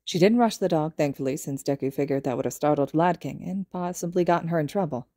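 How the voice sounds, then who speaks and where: Woman podfic reader, low and mellow, steady storytelling. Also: fast talker, dry recording, clean studio sound. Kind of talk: audiobook narration of fan fiction.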